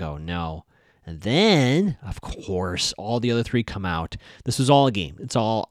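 A man giving a casual, chatty recap of a TV episode, acting out the characters' lines in quick asides. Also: mid-range voice, dry recording, clean studio sound. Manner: chatty, animated, with quoted asides.

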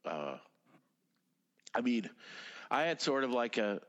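A man's voice: mid-range voice, big pitch swings, slow pace, fairly bright tone, in a large hall. A man in his fifties, a native Russian speaker, rambling casually as an interview guest, with lots of fillers, restarts and swearing. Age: 50s. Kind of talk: casual conversation.

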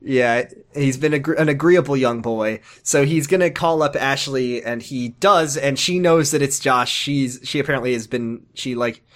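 A man co-hosting a casual recap podcast, rambling and excitable, swearing often and restarting his sentences. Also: mid-range voice, normal speed, hardly any pauses. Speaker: podcast co-host.

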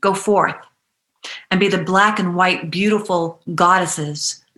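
A woman coaching a guided EFT tapping meditation, giving slow, soothing, repetitive cues. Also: fairly low pitch, fairly even intonation, fairly bright tone. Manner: playful bursts of animal noises and laughter.

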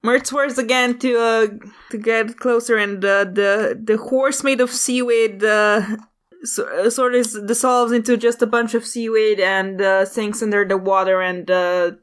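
Woman game master, fairly high voice, halting scene narration, calls for rolls. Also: fairly even intonation, smooth.

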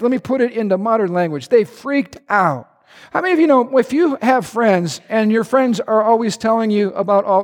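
A man preaching an animated sermon as pastor, calling on the congregation to answer him and shouting at his high points. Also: long reverb tail. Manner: animated, shouting at peaks, call-and-response.

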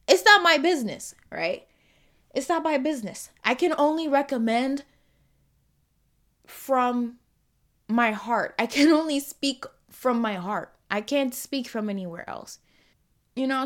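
A woman with a Caribbean accent hosting a solo podcast, talking through her thoughts in a loose, conversational way with many fillers and restarts, moving between quiet musing and lively emphasis. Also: high-pitched. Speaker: podcast host. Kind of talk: reflective solo podcast monologue.

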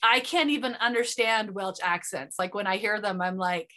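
A woman's voice: medium pitch, normal speed, bright, forceful tone. A woman hosting a podcast, chatty and self-deprecating, rambling with fillers as she talks with a guest. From Utah. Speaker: podcast host. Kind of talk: casual interview chat.

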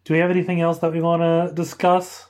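A man's voice: a little high, monotone, fast. A man co-hosting a casual podcast chat, rambling with laughing asides. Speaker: podcast co-host.

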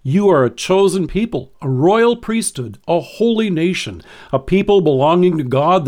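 Man, devotional reading, measured, earnest, slightly raised pitch. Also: darkish tone. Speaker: devotion speaker.

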